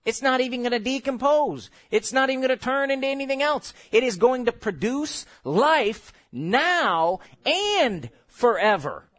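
A male pastor delivers a sermon in a high voice that climbs and dips widely. He jokes, chuckles and suddenly shouts, then slows to a measured crawl for scripture. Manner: animated preaching with sudden shouts and laughter; slow, drawn-out scripture reading.

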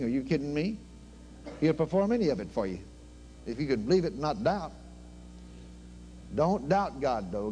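An older man preaching a sermon, fervent and folksy, with plain everyday grammar. His voice sits a bit high for a man and swings between loud exclamations and low murmured prayer. A faint hum runs under the recording.

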